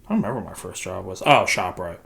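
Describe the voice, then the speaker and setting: A young man casually telling a story on a podcast, animated, swearing and laughing as he goes. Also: low voice, fast, creaky. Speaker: podcast host.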